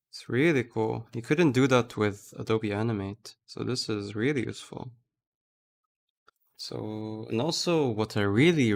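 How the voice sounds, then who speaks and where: A man streaming live, chatting casually as he thinks aloud and gushes over a tool he likes. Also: mid-range voice. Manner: thinking aloud, gushing with excitement.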